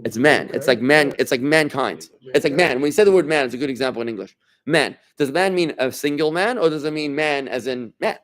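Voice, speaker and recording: A rabbi leads an informal class for a small group in a room, speaking loosely and conversationally and often restarting his sentences. His medium-pitched, slightly bright voice is animated and brisk, and he keeps turning to his listeners with questions.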